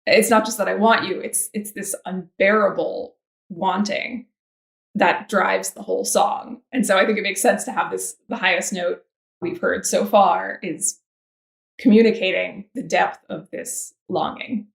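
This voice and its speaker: A woman, a composer guest on a podcast, talking thoughtfully about a song and pausing before she makes her point. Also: mid-range voice, steady tone, gravelly, echoey room. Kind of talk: casual music analysis chat.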